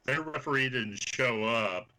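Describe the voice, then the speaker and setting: A man's voice: mid-range voice, measured pace, bright, forceful tone, poor audio. A man who once refereed wrestling, a guest on a radio chat, telling long rambling stories. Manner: rambling, chatty storyteller.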